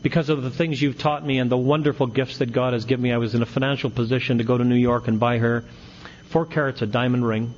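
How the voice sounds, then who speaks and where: A man's voice: medium pitch, steady tone, quick pace, a little mellow. Middle-aged man, wry storyteller, self-mocking, muffled lo-fi tape, faint hiss. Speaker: AA speaker. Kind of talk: storytelling recovery talk. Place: meeting hall with audience.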